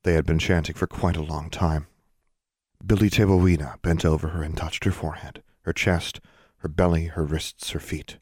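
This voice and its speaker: A man narrating a fantasy novel aloud in a measured, even storytelling read. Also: very deep voice, breathy edge, no echo, studio quality. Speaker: audiobook narrator. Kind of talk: scripted narration.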